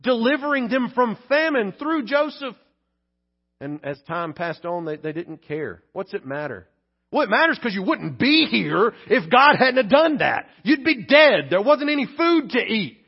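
A man delivers a conversational sermon in a high register. He drops to hushed tones and then rises to emphatic peaks, now and then acting out little asides. The recording sounds dull and lo-fi. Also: big pitch swings, normal speed, vocal fry, husky. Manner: conversational preaching with acted-out asides. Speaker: pastor.

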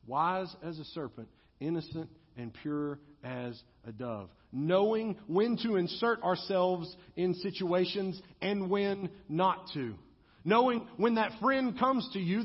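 A male pastor preaches, swelling and easing in intensity. His voice sits fairly high and has a husky edge. The dull recording carries a long reverb from the church hall. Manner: preaching with rising and falling intensity, acting out quotes. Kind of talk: sermon.

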